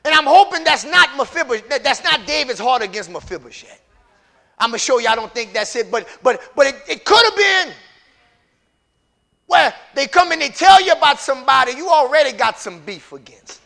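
A male pastor with a strikingly high, bright and piercing voice delivers an impassioned sermon. He swings between hushed, intimate stretches and shouted peaks. He talks straight to his congregation, with folksy asides. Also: very animated, brisk.

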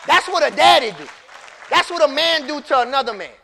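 A man preaches a sermon in loose, casual street talk, repeating phrases over and over. His voice sits very high and bright. A congregation can be heard faintly in the room. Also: sing-song, brisk, vocal fry, a faint crowd, slight background noise. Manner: builds from quiet storytelling to shouted call-and-response preaching.

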